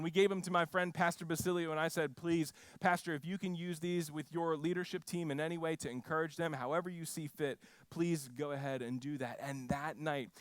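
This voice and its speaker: A man preaching a sermon, telling a mission story with frequent restarts and lively quoted voices. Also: on the high side, no room sound. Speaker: pastor.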